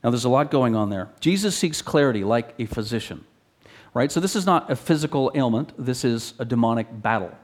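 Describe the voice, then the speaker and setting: A man preaching an expository sermon in an earnest teaching manner, often restarting phrases and rising in pitch when he reads scripture aloud. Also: lively intonation, brisk.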